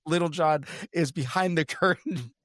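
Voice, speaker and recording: A man co-hosting a podcast, with a voice pitched a little above most men's. He retells a film in casual chat and laughs as he goes. He is recorded close and dry, with no room sound. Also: normal speed, fairly bright tone, no echo. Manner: laughs while telling the story. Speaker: podcast co-host.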